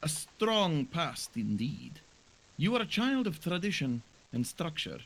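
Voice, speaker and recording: A man voicing a mysterious female fortune teller reading tarot cards, slow and portentous. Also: fairly high pitch, sing-song, a bit bright, a little hiss or hum, pitched above the performer's own voice. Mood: solemn. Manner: slow, solemn, portentous delivery.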